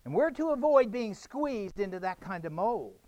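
A man's voice: sits high, very animated, moderate pace, darkish tone, no echo, dull audio. A man preaching a sermon, emphatic and direct, repeating phrases for effect. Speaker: pastor.

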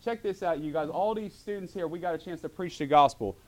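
A middle-aged man preaching a sermon to his church, animated and acting out voices when he quotes people. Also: fairly high pitch, fairly quick. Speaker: pastor.

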